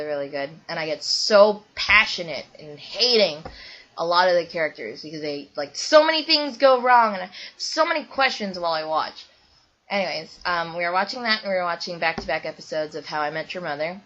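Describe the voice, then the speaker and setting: A young woman vlogging casually to camera, rambling with lots of ums and likes. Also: on the low side. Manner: rambling, many ums and likes, bursts into loud squeals when retelling. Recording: dull lo-fi webcam audio.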